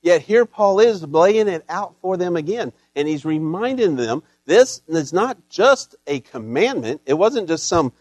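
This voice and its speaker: A man's voice: sits high, animated, a little slow, hardly any pauses, a little mellow, no echo. A middle-aged man preaching a sermon in a folksy, storytelling way with touches of humor. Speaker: pastor. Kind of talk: Mother's Day sermon.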